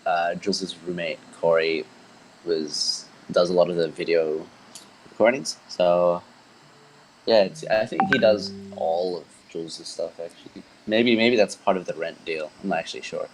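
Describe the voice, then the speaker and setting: A young man with a mild Australian accent, a band member chatting casually on a podcast in a relaxed, rambling way with lots of fillers. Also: deep voice, moderate pace, noisy background.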